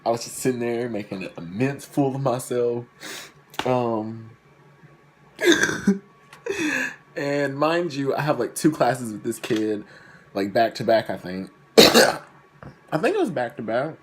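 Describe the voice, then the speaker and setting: A young man in a casual storytime vlog, rambling and poking fun at himself. He keeps circling back with fillers. His voice sits at a middle pitch, with faint noise behind it. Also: lively intonation, takes it slowly, pauses often, a bit bright. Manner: rambling, self-deprecating, with many fillers. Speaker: vlogger.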